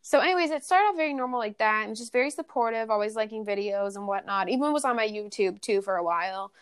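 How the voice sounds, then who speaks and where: A woman's voice: a little high, fast talker, clean tone, dry recording, clean studio sound. Candid young woman telling a story. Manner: candid, profane, filler-heavy storytelling. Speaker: podcast guest. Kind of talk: casual podcast chat.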